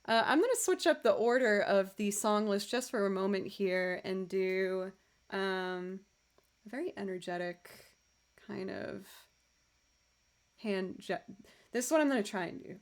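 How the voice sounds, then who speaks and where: This young woman, a musician, talks casually to her livestream audience with an upbeat, laugh-prone manner. She has a mid-range, slightly scratchy voice.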